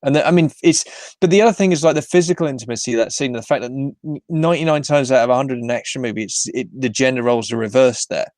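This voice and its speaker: A man's voice: medium pitch, a little mellow, no room sound. Enthusiastic male podcast host, dry sound. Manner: enthusiastic, swears freely, halting restarts. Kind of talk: casual film-watching chat.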